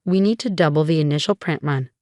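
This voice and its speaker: An eager, upbeat female publisher, read by a woman narrator. Her voice sits a little low. The sound is dry and close. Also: quick pace, darkish tone, dry recording, natural voice. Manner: eager, enthusiastic.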